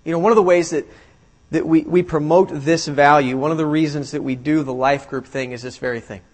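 A man preaching a sermon, reading scripture aloud and then retelling the story with lively emphasis before dropping quiet for his points. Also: fairly quick. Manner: reads scripture, then retells it animatedly, drops low for emphasis. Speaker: pastor.

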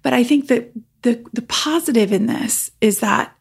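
A woman's voice: fairly high pitch, normal speed, vocal fry, slightly rough. An American woman in her thirties hosting a podcast, talking in an earnest, emotional way and repeating phrases for emphasis. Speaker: podcast host. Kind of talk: personal podcast monologue.

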